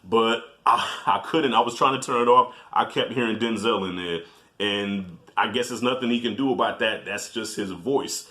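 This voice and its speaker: A man reviewing a film in a casual vlog, telling animated stories, swearing freely and addressing viewers directly. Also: lowish voice, moderate pace.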